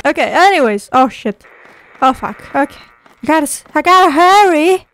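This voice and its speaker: A woman's voice: sits high, expressive, normal speed, a bit bright, faint music behind, low-quality recording. A woman playing a horror game on video, jumpy and swearing constantly, shrieking at scares. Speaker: gaming video creator. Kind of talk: horror game playthrough commentary.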